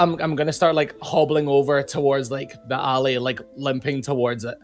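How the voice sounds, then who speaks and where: A man's voice: medium pitch, level tone, normal speed, faint music behind. A man playing a tabletop game, describing his moves in a chatty, hesitant way. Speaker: player. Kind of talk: casual tabletop play.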